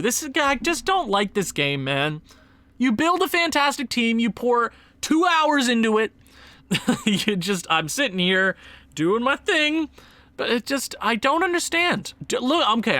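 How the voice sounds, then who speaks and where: A man's voice: high-pitched, sharp tone, no echo. A young man commentating his hockey video game, muttering to himself and breaking into exasperated outbursts. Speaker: gaming channel host. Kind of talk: gameplay commentary.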